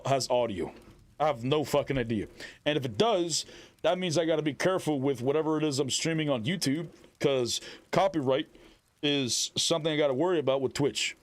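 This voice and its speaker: A man with a voice on the high side chats casually with his live-stream audience, animated and loud, frequently shouting catchphrases.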